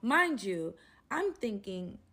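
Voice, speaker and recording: A young adult woman casually narrating a personal story to her viewers, animated and chatty, calling them "y'all" and leaning on "like". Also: medium pitch, takes it slowly. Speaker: storytelling vlogger.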